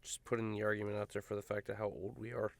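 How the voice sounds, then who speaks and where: A man co-hosts a casual podcast with a smooth, clear voice, talking in an animated way and cursing freely. He jumps up in pitch when excited, recorded dry and close. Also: rapid-fire, dry recording. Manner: animated, swings pitch up high, swears freely. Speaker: podcast co-host. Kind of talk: casual chat.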